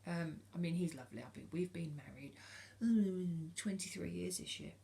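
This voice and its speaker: A woman's voice: on the low side, normal speed, creaky, dark tone. A British woman in her forties talking casually to camera, frank and earnest, hesitating often with ums and restarts. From United Kingdom. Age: 40s. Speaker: vlogger.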